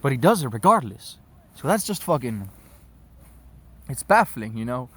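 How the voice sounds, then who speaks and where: A man's voice: medium pitch, sing-song, normal speed, slightly rough. A man vlogging outdoors on his phone at sunset, rambling loosely with constant swearing. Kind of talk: casual rambling rant to camera.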